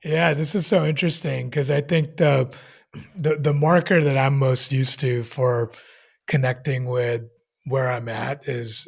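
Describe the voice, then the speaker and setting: A man's voice: mid-range voice, creaky. A man in a podcast conversation, talking thoughtfully and searching for his words as he goes.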